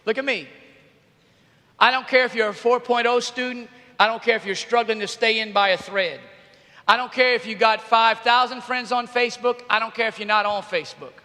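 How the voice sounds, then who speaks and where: High-voiced animated youth speaker. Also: male voice, brisk. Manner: animated, bursts into shouts and laughs. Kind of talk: comic storytelling to a live audience. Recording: reverberant arena hall.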